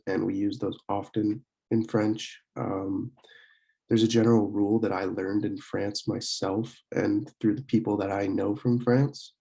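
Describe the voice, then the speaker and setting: A young man from Pennsylvania giving a casual recorded online lesson, talking with many fillers and slowing down to demonstrate words. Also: on the low side, vocal fry, dark tone. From Pennsylvania, USA. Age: young adult. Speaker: student French club teacher.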